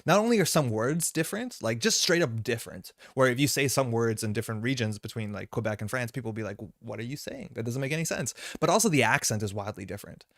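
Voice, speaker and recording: A man's voice: mid-range voice, lively intonation, quick pace, hardly any pauses, no room sound, studio quality. A young man hosting a live stream, rambling through casual tangents with lots of "like" and "right?". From Canada.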